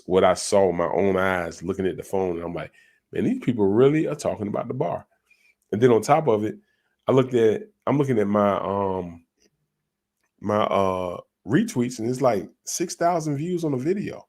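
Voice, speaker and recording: Low voiced dude just riffing at his viewers, keeps saying y'all and repeating himself. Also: darkish tone. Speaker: crypto commentator. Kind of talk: casual livestream talk.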